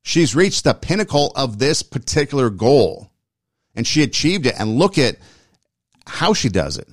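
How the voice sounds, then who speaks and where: In studio-quality audio with no echo, this man talks unhurriedly in a mid-range, sing-song voice. He hosts a talk show, offering casual, emphatic commentary that often circles back to repeat and rephrase points.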